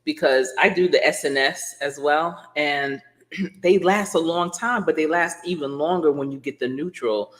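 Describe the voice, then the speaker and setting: A woman's voice: deep voice, fairly bright tone. A woman coach chatting casually on a live stream. She rambles, laughs often and answers her viewers directly.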